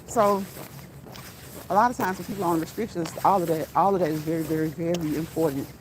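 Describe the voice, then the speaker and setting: A middle-aged woman chatting as she walks outside, laughing easily and repeating herself for emphasis. Steady outdoor noise runs under her voice. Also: fairly low pitch, fast talker. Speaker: vlogger. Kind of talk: casual walk-and-talk vlog. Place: outdoors on a walk.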